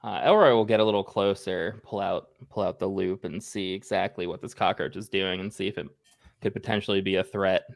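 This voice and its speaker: A man's voice: low voice, fairly even intonation, fairly quick, creaky. A man playing a tabletop role-playing game, eagerly describing what his character does. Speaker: player.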